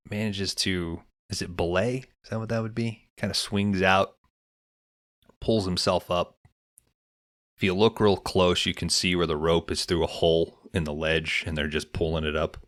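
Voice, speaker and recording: A man's voice: low-pitched, a bit bright, dry recording, clean studio sound. A man co-hosting a movie podcast, casually recapping scenes and swearing freely. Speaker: podcast co-host.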